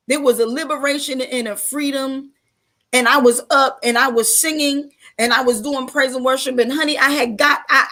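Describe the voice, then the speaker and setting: Brief: high, bright-voiced woman faith leader, preacherly testimony, emphatic repetition. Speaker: faith leader, panel guest. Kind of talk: personal testimony turning into preaching.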